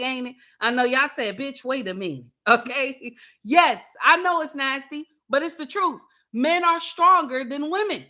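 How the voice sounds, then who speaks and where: A woman livestreaming casual commentary, speaking straight to her chat. Her voice sits high and has a bright, sharp edge. She hammers her points bluntly and repeats lines for emphasis, like a preacher. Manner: addresses viewers and chat directly. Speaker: livestream host.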